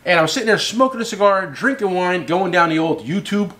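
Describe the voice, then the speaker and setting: Brief: middle-aged male host, high voice, bouncy and animated, rambling casual storyteller. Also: fast talker. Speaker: host and tool company owner.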